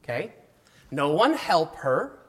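A man teaching a classroom of high schoolers, talking casually, adding wry asides and often checking in with "okay?". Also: very animated, slow, fairly bright tone, husky. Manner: mildly sarcastic asides. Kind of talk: classroom lesson. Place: classroom with students.

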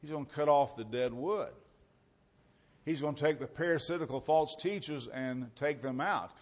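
A man's voice: on the high side, moderate pace. Folksy male preacher teaching a congregation. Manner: conversational, folksy asides with the congregation; reads scripture aloud with rising emphasis. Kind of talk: sermon.

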